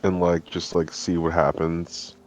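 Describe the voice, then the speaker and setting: A man's voice: low voice, little pitch movement, measured pace, slight background noise. A man playing a tabletop game, speaking tentatively and casually. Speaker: player.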